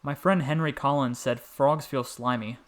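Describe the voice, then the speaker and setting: A man's voice: medium pitch, fairly even intonation, moderate pace, close to an everyday voice. A man voicing a curious, earnest little boy in a storybook reading, eager and full of questions.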